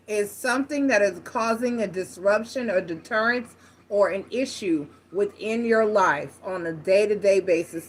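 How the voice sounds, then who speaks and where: A woman's voice: medium pitch, slight background noise. A woman giving a casual tarot reading, talking frankly and directly to her viewers, with slang and the odd swear. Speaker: tarot reader.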